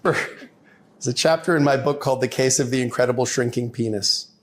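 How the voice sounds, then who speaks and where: A man, a lawyer, telling a story in a casual, animated way and acting out the quotes. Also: normal speed, a little hiss or hum. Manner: animated storyteller, acts out quotes with raised pitch. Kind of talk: casual anecdote.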